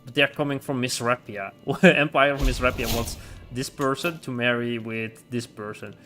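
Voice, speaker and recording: A man giving live commentary as he plays a strategy game as a streamer, reacting aloud in an excitable way and laughing often. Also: mid-range voice, normal speed, faint music behind.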